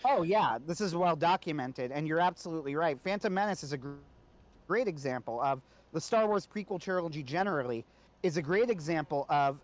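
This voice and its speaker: A man co-hosting a casual podcast discussion, talking conversationally and often checking in with "right?". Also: a little high. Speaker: co-host.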